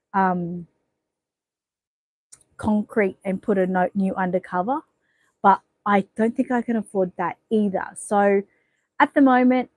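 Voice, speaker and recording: A woman's voice: medium pitch, darkish tone, dry recording, low-quality recording. A middle-aged Australian woman chatting casually on a livestream, rambling and playfully bossy with her viewers. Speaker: livestream host. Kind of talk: casual live-stream chat reading comments.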